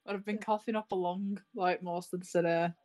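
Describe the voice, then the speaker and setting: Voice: medium pitch, fairly even intonation, a little fast, a little mellow. A player with an English accent in a tabletop game, talking casually and bluntly. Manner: casual, blunt, swears freely.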